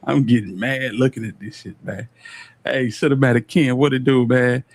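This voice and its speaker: A man with a Southern US accent, reacting on a live stream in casual, slang-heavy commentary, animated and exasperated. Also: medium pitch, moderate pace, slight background noise. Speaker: streamer reacting to a court case.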